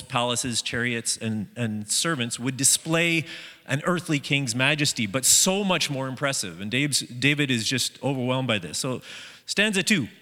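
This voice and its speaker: A man's voice: medium pitch, pushed and bright, in a large hall. A man preaching a sermon in a casual, conversational way, often restarting his sentences. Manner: conversational, with many restarts and fillers.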